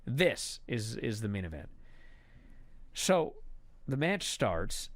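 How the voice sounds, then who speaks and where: A man telling a story as a profane, exasperated rant that builds to shouting. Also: mid-range voice, unhurried, no echo. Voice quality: animated storyteller. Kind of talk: comedic rant.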